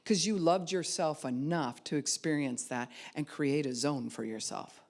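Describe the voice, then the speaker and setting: A woman pastor preaching a sermon, acting out quoted voices and dropping to a soft hush at times. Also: deep voice, big pitch swings, normal speed, hardly any pauses.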